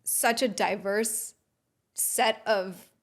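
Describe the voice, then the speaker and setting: A woman's voice: mid-range voice, steady tone, extremely slow. Thoughtful woman, casual podcast talk. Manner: thoughtful, searching for words.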